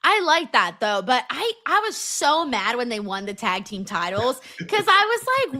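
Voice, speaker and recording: A young woman hosts a casual wrestling watch-along and talks through viewer messages. Her voice is bright and sits a little high. She gets animated and breaks into loud exclamations. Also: normal speed, hardly any pauses, no room sound, clean studio sound. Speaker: wrestling stream host. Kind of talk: casual live-stream chat reading super chats.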